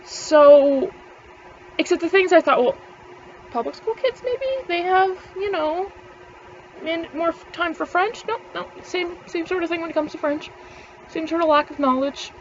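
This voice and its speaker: A woman's voice: very high-pitched, measured pace, dull audio, slight background noise. A young woman, ranting casually to camera, rambling, swearing freely and laughing between words. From Canada. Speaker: vlogger.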